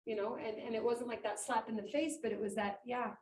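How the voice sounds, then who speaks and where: A woman giving an inspirational talk at a conference, animated and acting out quotes, in a meeting room with about twenty people. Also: on the high side, fast talker. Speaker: conference speaker. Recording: echoey room, mic far off, faint noise.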